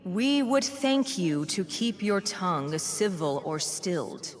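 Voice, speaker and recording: An actress playing a stern female inquisitor who pronounces judgment in slow, formal, menacing speech. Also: mid-range voice, big pitch swings, soft background music. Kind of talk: video game voice acting.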